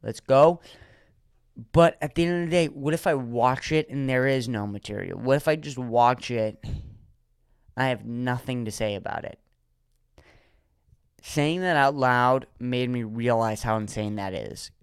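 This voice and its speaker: Brief: male comedian, solo podcast host, smooth voice, dry close sound, rambling and animated. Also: mid-range voice, measured pace, long pauses, dry recording. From Erie, Pennsylvania. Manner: rambling, animated, swears freely, acts out quotes.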